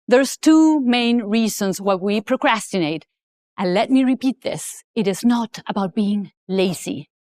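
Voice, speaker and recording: A middle-aged woman with a higher voice tells a motivational story, her pitch leaping all over as she acts out each moment. The sound is dry and close, with faint music underneath. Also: darkish tone, no room sound. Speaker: speaker.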